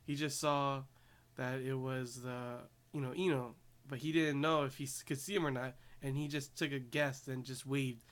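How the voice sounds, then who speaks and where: A man's voice: medium pitch, fairly even intonation, moderate pace, fairly bright tone. A man giving a casual, rambling recap of an anime episode, laughing often along the way. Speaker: anime reviewer.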